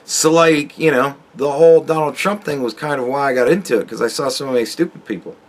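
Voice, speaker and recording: A man's voice: mid-range voice, fast talker. A man in his forties, a YouTube commentator ranting sarcastically with heavy profanity straight at the viewer. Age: 40s.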